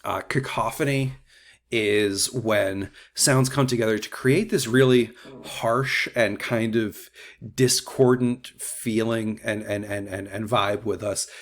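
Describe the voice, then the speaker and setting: A man with a somewhat low voice talks through a short lecture as a teacher. His delivery is loose and conversational, full of fillers and self-corrections. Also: steady tone, takes it slowly. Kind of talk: unscripted mini lecture.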